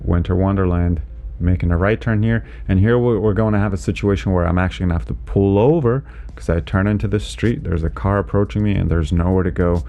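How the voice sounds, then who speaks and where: Low gravelly-voiced male driving instructor. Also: a little fast, hardly any pauses. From Canada. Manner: relaxed, chatty, lots of "you know" and "right?". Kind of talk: casual instructional commentary while driving. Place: inside a car, driving in snow.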